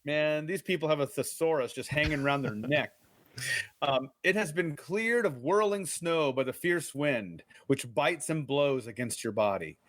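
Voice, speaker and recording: Animated joking man reading aloud. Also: fairly high pitch, normal speed, hardly any pauses, dry recording. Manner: animated, joking, reads aloud with playful asides. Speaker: podcast co-host. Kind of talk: casual live book reading.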